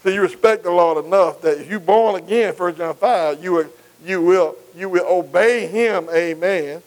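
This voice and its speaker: A man's voice: high-pitched, normal speed, a little mellow, low-quality recording. A man preaching a sermon, emphatic and repetitive, calling on his congregation to answer him. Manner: call-and-response, asking the congregation to answer.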